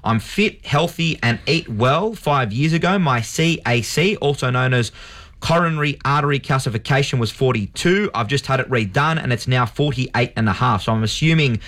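A man's voice: medium pitch, animated, normal speed, a bit bright. Australian man hosting a health radio show.

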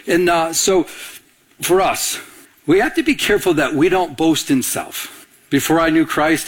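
A male pastor with a high, bright-edged voice delivers a lively sermon in a church. He keeps the congregation involved, pausing so they can call out the missing word. His delivery swings between playful and earnest. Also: breathy edge. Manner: animated, asks the congregation to fill in words. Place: church before a live congregation.

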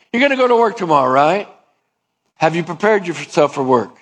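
Male pastor, fairly high voice, conversational sermon with voiced back-and-forth. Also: sing-song, brisk, a bit bright. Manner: conversational preaching, acts out both sides of dialogues.

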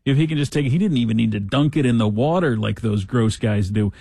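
A man's voice: mid-range voice, brisk, creaky, dark tone, breathy edge, no echo, clean studio sound. A man hosting a talk show, giving casual news commentary with sarcastic, joking asides.

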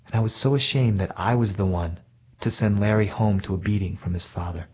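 A man's voice: lowish voice, a little fast, breathy edge. A man earnestly telling a personal story from his childhood in a reflective way. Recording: dull lo-fi recording.

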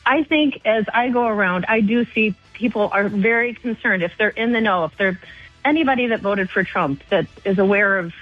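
A woman's voice: mid-range voice, normal speed. A woman from Michigan calling in to a radio talk show, talking in an earnest, eager way. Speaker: caller. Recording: phone-line call with faint music.

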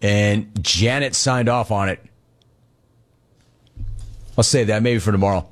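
A man hosting a sports radio show, reading listener questions and answering them with casual anecdotes and quick impressions of people he talks about. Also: on the low side, expressive. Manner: storytelling, mimics people in anecdotes.

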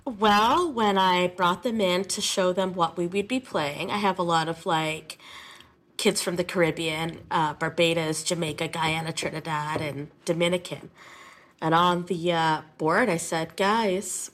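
A woman who teaches music, talking in an interview in a lively, emotional, chatty way. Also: lowish voice, unhurried. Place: classroom.

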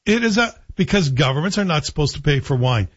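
Man, sardonic political commentary, husky, slightly high voice, dull lo-fi dry sound. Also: sing-song, fast talker, no echo. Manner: sardonic, rhetorical questions to the listener. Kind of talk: opinionated monologue.

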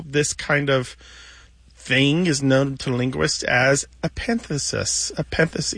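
A man co-hosts a radio show about language, speaking into a studio microphone with a dry, close sound. He explains word lore patiently and step by step, at a medium pitch. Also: creaky, fairly bright tone, no echo. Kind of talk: casual explanatory radio chat.

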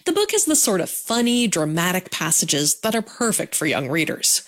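A female reporter narrates a radio feature with a lively, varied pitch. Her delivery is expressive and storytelling. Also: normal speed. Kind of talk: scripted news feature narration.

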